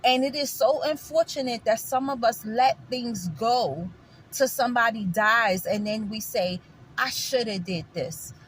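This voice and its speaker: A woman's voice: on the high side, unhurried, a little hiss or hum. A woman from New York with a New York accent, talking to her viewers in an opinionated casual chat, emphatic and repetitive, calling them guys. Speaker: vlogger.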